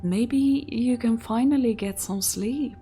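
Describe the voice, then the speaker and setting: A woman's voice: fairly high pitch, takes it slowly, warm tone, faint music behind. A woman hosting a gaming channel, giving chatty commentary and whispering the story narration of a visual novel as she reads it aloud.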